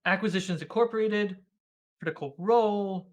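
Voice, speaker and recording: A man as a guest in a casual video-call interview, an animated storyteller who laughs often and acts out the lines he quotes. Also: high voice, moderate pace. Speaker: guest, filmmaker and game master.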